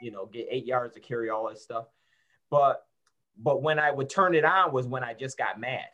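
A middle-aged man from Syracuse, New York, tells a long story in a casual interview. He rambles and restarts his sentences, filling gaps with "you know" and "like." His delivery is animated and conversational. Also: mid-range voice, normal speed, muffled recording. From Syracuse, New York, USA. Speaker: guest, former college football player.

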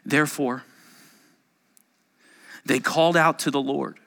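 A male pastor preaching a sermon dramatically, moving between loud urgency and hushed near-whispers. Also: mid-range voice, steady tone, slow, gravelly, big-room sound.

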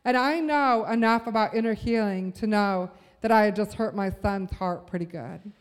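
A woman's voice: medium pitch, moderate pace, clean tone, long reverb tail. A woman giving a sermon at a church service, telling a personal story and building to a fervent call to the room. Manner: earnest, storytelling, rising to fervent.

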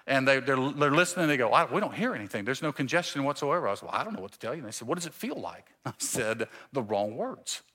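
A male pastor in his forties preaching a sermon, telling a self-mocking story with animated quoted voices. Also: medium pitch, fast talker, hardly any pauses. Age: 40s. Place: church stage.

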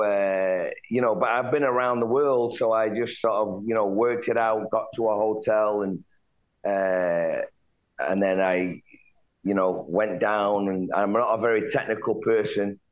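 A man from the United Kingdom, a guest telling a story in an interview, acting out quoted lines with lively jumps in his voice. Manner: animated retelling, jumps high for quoted lines. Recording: dull lo-fi line.

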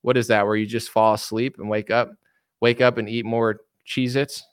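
A man's voice: mid-range voice, little pitch movement, normal speed, clean tone, no room sound, studio quality. A young man hosting a livestream, talking casually and animatedly, rambling and mimicking imagined people. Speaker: streamer host.

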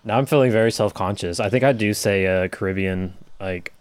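Laid-back man with a smooth low voice. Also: quick pace, a little mellow, dry recording. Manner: laid-back, brief replies, chuckles often. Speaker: podcast co-host. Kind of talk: casual chat about guitar gear.

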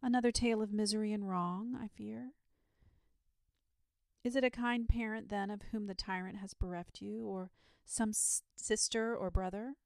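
A woman reading a storybook aloud, voicing a kind, grave knight with a gentle, courteous manner. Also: mid-range voice, fairly even intonation, normal speed, gravelly, no room sound, clean studio sound, pitched above the performer's own voice, natural voice. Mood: kindly.

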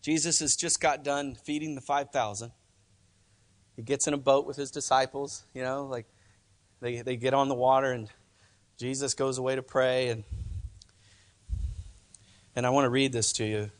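A man's voice: mid-range voice, fairly even intonation, moderate pace, pauses often. A male pastor preaching a sermon in church, talking conversationally and emphatically, often repeating phrases.

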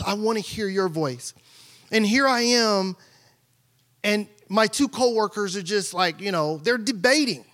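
A man's voice: high-pitched, bright, forceful tone. A male pastor preaching a candid, conversational sermon, telling stories with frequent restarts and repeated words.

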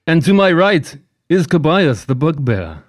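A man's voice: fairly high pitch, big pitch swings, a little slow, no echo, clean studio sound. A man with an Australian accent hosting a comedy podcast, joking around while he steers the chat. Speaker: podcast host.

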